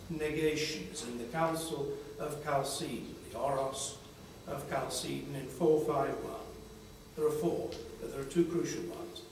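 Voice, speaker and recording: Older guy, slow thoughtful spiritual talk, lots of pauses, faint room hum behind him. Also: a little high, darkish tone. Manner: slow, reflective, with long pauses. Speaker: speaker at a conference panel. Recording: echoey hall from far off.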